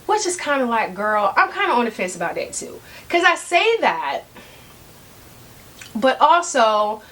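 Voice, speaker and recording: A woman vlogger, chatting casually and sassily to her viewers, often checking in with "okay?". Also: high voice. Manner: sassy, animated, talks straight to viewers with frequent "okay?". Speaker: fashion vlogger. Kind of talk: casual chat to camera.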